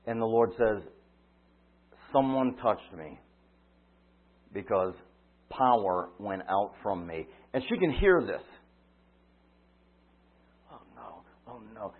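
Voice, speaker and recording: A man preaching a sermon, retelling a story dramatically, swinging from loud cries to quiet asides. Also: lowish voice, lively intonation, takes it slowly, long pauses. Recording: tinny phone-like line.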